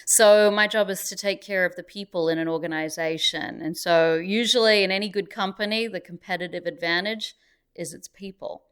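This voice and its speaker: A woman's voice: lowish voice, steady tone, moderate pace, fairly bright tone, clear, resonant tone. A middle-aged woman from Australia with an Australian accent, chatting cheerfully as a guest in an interview. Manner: cheerful, chatty, laughs easily. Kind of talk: casual interview. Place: busy event venue.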